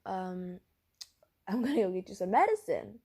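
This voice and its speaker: A woman voicing a caring young woman who gently reassures a sick friend. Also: medium pitch, very animated, moderate pace, creaky, breathy edge, heavily acted.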